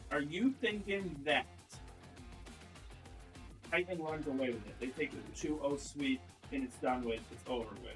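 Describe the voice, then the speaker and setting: A young man co-casting an esports stream with playful deadpan jokes. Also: on the high side, a little slow. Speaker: esports caster. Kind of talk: casual co-casting banter. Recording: roomy echo, faint music.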